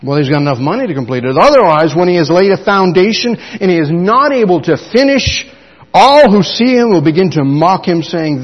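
Middle-aged preacher, lively storyteller, fairly high voice, reverberant hall, muffled recording. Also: male voice, moderate pace. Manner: animated storytelling, acts out dialogue. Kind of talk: sermon. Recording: dull sound in a long-reverb hall.

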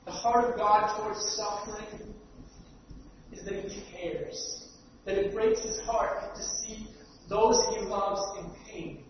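A male preacher giving an earnest sermon, stumbling over repeated words and swinging between loud stress and near-quiet. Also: high voice, steady tone, slow. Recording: dull, echoey hall from far off, faint hiss.

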